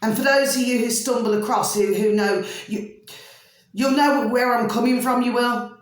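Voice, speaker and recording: A woman's voice: on the high side, steady tone, normal speed. A middle-aged woman with a homely, rambling way of talking, chatting about spiritual matters in a vlog. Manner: rambling, homely, fond of mild slang like "flipping" and "blooming". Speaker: vlogger. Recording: very echoey room.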